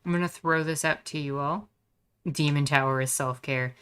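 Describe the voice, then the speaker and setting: A woman's voice: sits low, fairly even intonation, moderate pace, a bit bright, clean tone. A woman streaming a video game, adding casual commentary and wry, joking asides.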